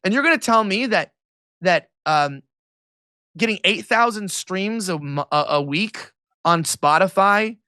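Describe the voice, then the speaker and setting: Sharp, sarcastic high-voiced male commentator. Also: lively intonation, no echo, clean studio sound. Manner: rapid, sarcastic, mocking. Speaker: political commentator, interview guest. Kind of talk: animated interview talk.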